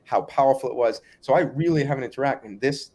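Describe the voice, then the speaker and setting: A man telling a long anecdote as a guest in a casual interview, animated and acting out other people's lines. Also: mid-range voice, quick pace. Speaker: guest storyteller.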